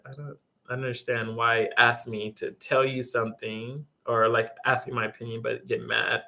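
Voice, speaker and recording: A man's voice: mid-range voice, sharp tone. A young man vlogging, casually retelling a story, rambling with lots of fillers and some exasperation.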